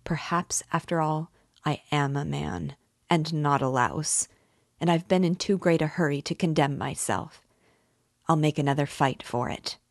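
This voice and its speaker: A bitter, defiant young man who broods over every word, low and unhurried. A woman reader gives him voice in her own even reading tone, close to a dry mic. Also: creaky, dry recording, full character voice. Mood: brooding defiant.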